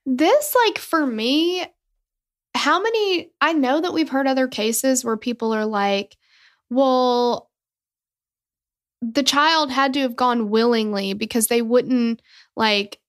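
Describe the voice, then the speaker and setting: A young adult woman co-hosting a podcast, blunt and animated, who swears freely. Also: sits high, slow. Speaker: podcast co-host. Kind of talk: casual podcast chat.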